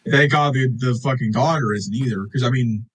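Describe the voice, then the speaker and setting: A young man co-hosting a movie review podcast, animated and sarcastic, swearing and acting out lines from the film. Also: mid-range voice, brisk, husky, poor audio. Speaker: podcast co-host. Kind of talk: casual movie review chat. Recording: uneven audio in parts.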